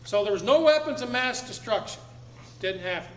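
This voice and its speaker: A high-voiced man lectures a seated crowd in a meeting room at normal speed, expressive and blunt. He's emphatic and repeats phrases for effect in this public talk. The audio is echoey with faint background noise.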